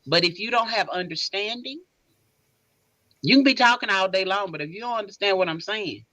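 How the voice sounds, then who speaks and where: A woman guest on a podcast, giving emphatic, animated advice in casual chat. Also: medium pitch, brisk, dry recording, poor audio.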